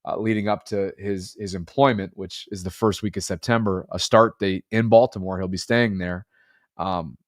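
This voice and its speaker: A man's voice: low-pitched, fairly even intonation, moderate pace, no echo, studio quality. Congested man on a podcast. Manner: rambling, earnest, reflective. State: congested, under the weather. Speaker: podcast co-host. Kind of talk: casual chat.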